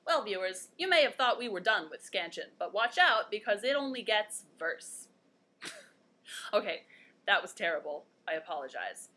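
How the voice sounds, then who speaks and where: A woman's voice: medium pitch, big pitch swings, moderate pace, bright, forceful tone. A young woman hosting a one-take video lesson, chatty and playful, joking at her own puns. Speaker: host.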